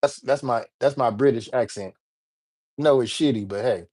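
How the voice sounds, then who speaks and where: A man's voice: mid-range voice, moderate pace, a little mellow. An American man with an American accent, hosting a casual livestream in a laid-back, slangy, rambling way. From United States. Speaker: livestream host.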